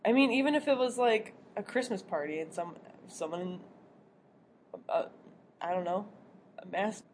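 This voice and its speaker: A woman's voice: mid-range voice, moderate pace, slight background noise. A young woman co-hosting a podcast in casual chat, laughing often and trailing off mid-sentence. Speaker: podcast co-host.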